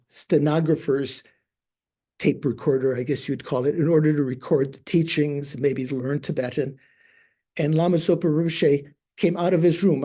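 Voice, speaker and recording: An older man, a Buddhist monk teacher, telling stories in a teaching talk, often pausing to search for words. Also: a little high, mellow. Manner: hesitant, searching for words with many fillers.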